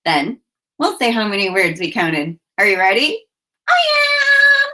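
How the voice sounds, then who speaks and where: A woman teacher leading a children's phonics lesson, giving slow, clearly enunciated prompts and cheerful praise. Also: mid-range voice, big pitch swings, sharp tone.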